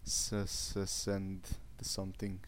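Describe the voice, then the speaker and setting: Man muttering quick hesitant asides. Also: deep voice, monotone, slight background noise. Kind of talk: casual asides while improvising.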